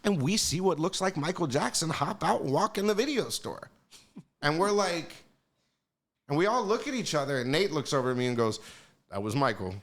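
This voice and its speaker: A man's voice: a little high, lively intonation, a little fast, fairly bright tone. Man telling loose profane stories. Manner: loose and profane, many "you know what I mean" asides. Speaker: guest, music executive. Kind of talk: casual storytelling in a podcast interview.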